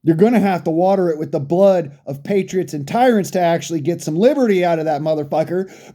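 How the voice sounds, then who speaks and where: A man's voice: fairly high pitch, brisk, few pauses, mellow. A furious man delivering an angry, profane political rant, berating his listeners. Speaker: commentator.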